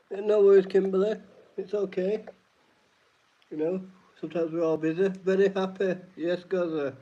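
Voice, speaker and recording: A man's voice: high voice, fairly even intonation, moderate pace, long pauses, warm tone. A man hosting a live-stream trivia night, reading each question twice and greeting chat viewers by name. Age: adult. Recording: dull lo-fi stream audio.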